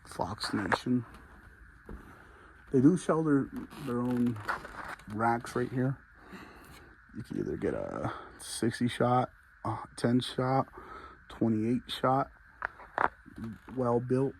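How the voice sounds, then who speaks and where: A man's voice: medium pitch, sing-song, slow pace, creaky, pauses often, darkish tone, a little hiss or hum, rough recording. A man vlogging casually as he walks through a large store, out of breath and chatting with enthusiasm. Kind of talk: casual walk-through vlog. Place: large fireworks store, indoors.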